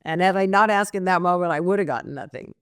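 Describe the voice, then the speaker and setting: A middle-aged woman tells her story as a podcast guest, candid and animated. Her voice is smooth and clear. The recording is dry and close, with no room sound. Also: fairly low pitch, fast talker, dry recording. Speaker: guest, mortgage coach.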